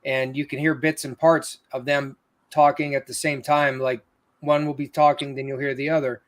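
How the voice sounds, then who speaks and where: A man's voice: mid-range voice, little pitch movement, normal speed. A man in casual conversation, earnestly telling stories from his ghost investigations. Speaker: paranormal investigator. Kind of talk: casual chat.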